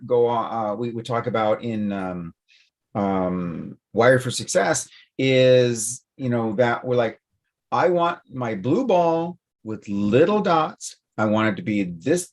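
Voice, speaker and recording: A man's voice: medium pitch, darkish tone. A man co-hosting a talk show, explaining ideas loosely with playful examples in casual chat. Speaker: podcast co-host.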